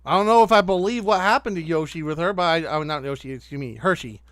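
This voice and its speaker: A high-pitched man rants with heavy profanity as a podcast host reacting to clips. His voice is smooth and resonant, recorded close and dry. He keeps up a steady stream of angry commentary. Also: no echo. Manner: angry, profane, rapid-fire ranting.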